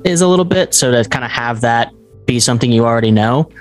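A young man co-hosting a podcast, talking casually and jokingly, his voice jumping up when he gets excited. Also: fast talker, faint music behind. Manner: animated, jokey, pitch jumps up when excited. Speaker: podcast co-host. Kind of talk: casual chat.

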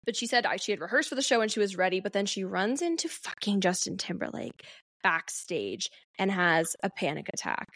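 A woman's voice: mid-range voice, very animated, brisk, a bit bright, no room sound, studio quality. A young woman hosting a podcast, casually recapping a book with lots of "um" and "like". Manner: chatty, frequent "um" and "like", reads quotes aloud. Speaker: podcast host.

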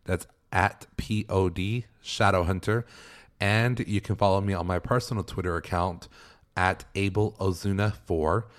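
Low-voiced man gushing over a show. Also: a little slow. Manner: excitable and gushing, many fillers and laughs. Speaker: podcast host. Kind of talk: casual solo show recap.

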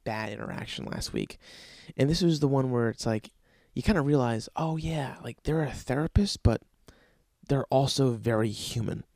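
A young man hosting a podcast, telling rambling, profane comedic stories in a casual, animated way. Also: mid-range voice, creaky, no echo, studio quality. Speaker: podcast host. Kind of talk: casual comedic storytelling monologue.

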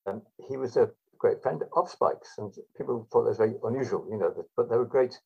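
A man's voice: medium pitch, fairly quick, creaky, slightly rough. A man telling stories as a guest in a rambling, hesitant way. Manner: rambling, hesitant, many fillers. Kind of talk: anecdotal storytelling. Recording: dull lo-fi recording.

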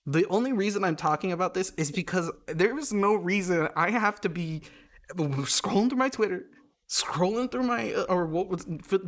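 A man's voice: sits high, lively intonation, a little slow, sharp tone. A young adult man hosting a podcast in a rambling, sarcastic comedic rant with many restarts. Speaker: podcast host.

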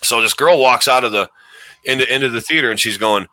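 This podcast host, a man in his forties, chats casually about old stories in a rambling way, laughing throughout. His voice is medium-pitched, brisk, bright, and forceful, with no echo.

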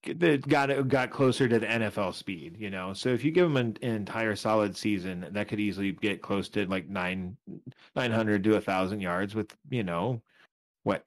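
A man's voice: fairly low pitch, normal speed. A man co-hosting a casual fantasy football podcast, rambling and correcting himself as he walks through numbers, a little tired. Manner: rambling, self-correcting, talks through stats. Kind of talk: casual chat.

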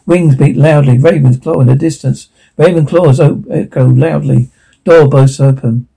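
A man reads a screenplay aloud, calling out each sound cue in a plain, unhurried voice that stumbles and restarts now and then. His tone is gravelly and a little husky. It sits dark and mellow, slightly higher than most men's. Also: fairly even intonation, poor audio. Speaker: reader. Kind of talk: reading a screenplay aloud, all parts and sound cues.

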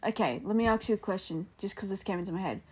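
A woman co-hosting a casual podcast from home, telling animated stories, swearing freely and acting out what people said. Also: medium pitch, quick pace, slightly rough. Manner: animated storyteller, swears freely, acts out quotes. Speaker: podcast co-host. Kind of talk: casual chat.

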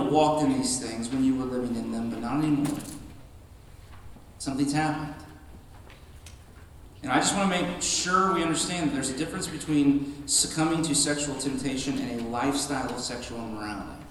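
A man's voice: medium pitch, normal speed, a little hiss or hum. A male pastor preaching a sermon in a church, emphatic and conversational, often restarting his sentences. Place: church sanctuary. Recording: echoey hall from a distant mic.

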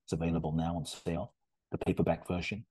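Man from ghana, very low voice, husky, earnest storytelling, dry close mic. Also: quick pace, dry recording. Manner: earnest, animated storyteller with restarts. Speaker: guest, spiritual teacher. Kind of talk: storytelling in a podcast interview.

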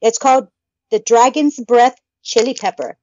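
A woman's voice: a little high, normal speed, a little mellow. A woman co-hosting a podcast, swearing constantly and ranting in mock anger in casual chat. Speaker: podcast co-host. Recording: dull lo-fi sound.

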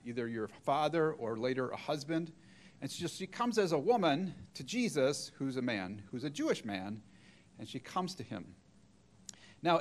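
A middle-aged man preaching a sermon, retelling a story and acting out the quoted voices. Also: on the high side.

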